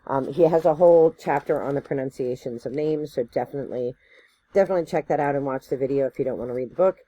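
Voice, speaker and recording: Mellow-voiced woman, chatty teacher. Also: extremely low pitch, fast, dry recording. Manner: conversational, loose, full of fillers and tag questions; self-correcting, thinks aloud. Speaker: spiritual teacher. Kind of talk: casual educational talk to camera.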